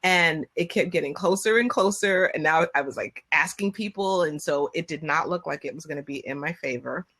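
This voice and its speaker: A woman chatting on a video call, telling a personal story at length. Her voice sits on the lower side. She gets animated and acts out quotes with sudden high-pitched bursts. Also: a little fast, hardly any pauses. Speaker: guest. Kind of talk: casual storytelling.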